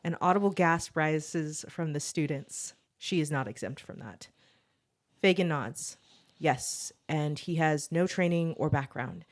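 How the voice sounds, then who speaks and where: A woman co-hosting a podcast, reading her own original story aloud in a steady storytelling voice, then chatting and laughing with her co-host. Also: low-pitched, measured pace. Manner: steady storytelling read, laughs often in chat.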